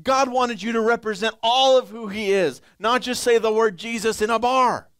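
A young male pastor preaching a sermon, reading scripture slowly and acting out pleading churchgoers in a higher voice. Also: a bit bright, clean tone, no echo. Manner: reads scripture slowly, then acts out pleading churchgoers in a high voice.

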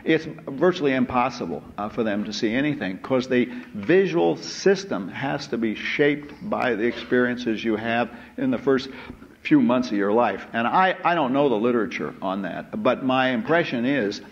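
A man giving a university lecture in a hall, unhurried and full of "uh" hesitations and asides. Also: medium pitch, expressive. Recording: dull lo-fi lecture recording with faint noise.

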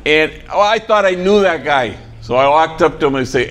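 A priest heading a program for former gang members tells trainees an inspirational story in the program's building, mixing dry folksy humor with snatches of Spanish slang. He speaks at a moderate pace in a fairly high, slightly bright voice with lively intonation.

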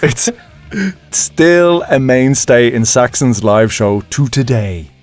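A man co-hosting a podcast about albums, chatting casually and excitedly, with the odd swear word. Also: medium pitch, slow, soft background music. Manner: enthusiastic, swears casually, acts out quotes. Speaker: podcast co-host. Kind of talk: casual chat.

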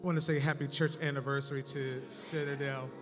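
A man leading gospel praise at a church, swelling from spoken praise calls to shouts and slow singing. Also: medium pitch, level tone. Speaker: gospel minstrel. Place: large church sanctuary. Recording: long reverb in a hall with live music. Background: band music.

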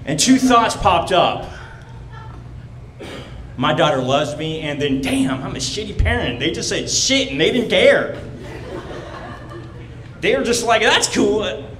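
A man's voice: sits high, sing-song, reverberant, background noise. A man doing a brash stand-up set on a comedy club stage, telling stories and acting out other people. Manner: brash, storytelling, quick to act out other people.

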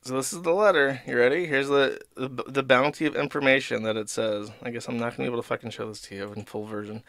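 A man's voice: mid-range voice, fairly even intonation, quick pace, hardly any pauses, fairly bright tone, no room sound. A man hosting a show, telling a story in an irritated, profane, sarcastic rant. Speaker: streamer host. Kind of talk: casual ranting monologue.

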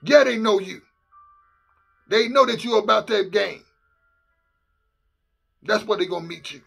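Guy preaching hard, husky gravelly voice, keeps repeating himself and shouting. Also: high-pitched, unhurried, soft background music. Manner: emphatic, repetitive preaching with rising shouts. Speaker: minister. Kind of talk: fervent sermon.

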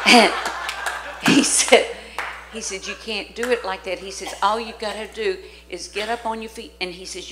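An older woman from Louisiana, preaching a storytelling sermon in a church, dramatic and animated as she acts out the voices in her stories. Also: mid-range voice, a little slow, pauses often, a little hiss or hum, rough recording. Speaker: guest preacher. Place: church sanctuary.

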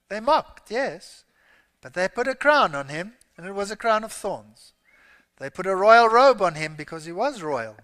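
A man's voice: high voice, big pitch swings, moderate pace. Emphatic male preacher in a hall. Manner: emphatic scripture reading, rising to loud exclamations. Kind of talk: sermon. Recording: long hall reverb.

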